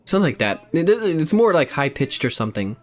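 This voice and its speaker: A man's voice: fairly high pitch, big pitch swings, fast talker, soft background music. A young man streaming a game, chatting casually in a rambling, profane way, cutting himself off mid-thought. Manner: rambling, profane, self-interrupting. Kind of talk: casual gameplay streaming chat.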